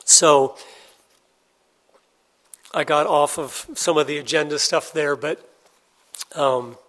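Middle-aged preacher guy, kinda high voice, earnest, telling a story, gets loud then real quiet. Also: fairly even intonation, slow. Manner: storytelling, earnest, swings between loud and hushed. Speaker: pastor. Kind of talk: sermon.

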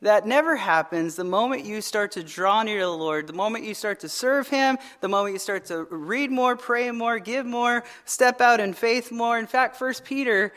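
A man preaching a sermon as pastor, telling stories in an animated way, often asking "right?" and repeating words as he starts phrases. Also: high voice, normal speed, hardly any pauses. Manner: animated storytelling with frequent "right?" tag questions.

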